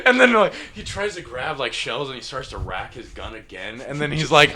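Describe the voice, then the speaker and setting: A man casually retelling a wild story on a podcast, crude and animated, acting out the people he quotes. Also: mid-range voice, moderate pace, hardly any pauses. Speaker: podcast host.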